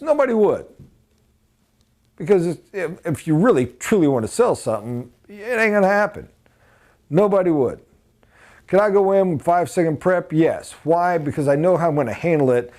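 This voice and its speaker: A man giving a sales training talk, animated and emphatic, blunt and informal, with sudden loud high bursts.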